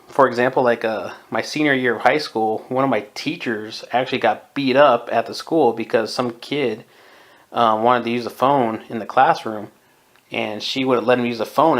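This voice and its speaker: A man in his twenties from Southern California, giving his opinions in a casual podcast monologue and chuckling often. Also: medium pitch. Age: 20s. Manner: opinionated, chuckles often, mimics people in quotes. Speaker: podcast host.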